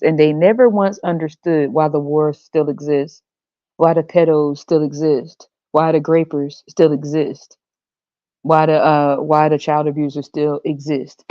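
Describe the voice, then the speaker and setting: A woman's voice: low-pitched, mellow, no room sound, lo-fi sound. Blunt, profane woman ranting on a podcast. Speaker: podcast host.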